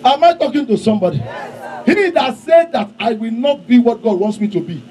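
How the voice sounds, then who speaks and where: High, shouting preacher at a crusade. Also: male voice, lively intonation, brisk, soft background music. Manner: shouting, calls out prayer lines for the crowd to repeat. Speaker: pastor leading prayers. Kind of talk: fiery crusade sermon and altar-call prayer. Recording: noisy open-air crusade with crowd.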